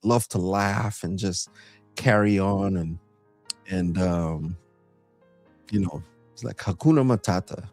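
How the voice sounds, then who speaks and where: A man's voice: sits low, slow, pauses often, darkish tone, faint music behind. A man from Trinidad co-hosting a casual live-stream chat, easygoing, laughing often and repeating words as he thinks. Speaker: co-host, singer.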